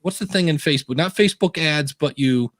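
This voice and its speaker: A man's voice: a little high, brisk, no room sound, clean studio sound. A man on a podcast panel, chatting casually and acting out quotes as he tells stories. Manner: animated storyteller, acts out quotes.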